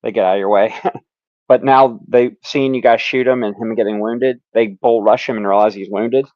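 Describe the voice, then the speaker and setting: A man narrating as game master in a tabletop game, relaxed and laughing, with lots of fillers. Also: medium pitch, normal speed, dry recording. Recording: dull lo-fi sound.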